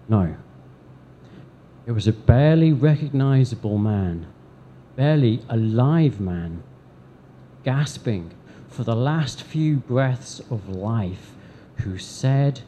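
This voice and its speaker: A man preaching a sermon to a congregation in church, deliberate, with dramatic pauses and emphatic swells. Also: mid-range voice, animated, warm tone, a little hiss or hum. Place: church service before a congregation.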